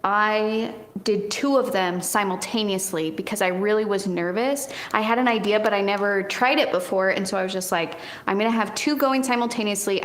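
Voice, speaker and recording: Woman, art teacher, casual tutorial, encouraging, laughs easily, roomy sound. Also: mid-range voice. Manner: chatty, encouraging, laughs often.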